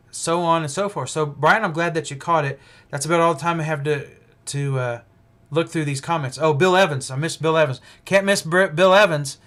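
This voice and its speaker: Higher-voiced man teaching Bible on livestream. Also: a bit bright. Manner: rambling, thinking aloud, frequent restarts and fillers. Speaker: preacher hosting a livestream Bible study.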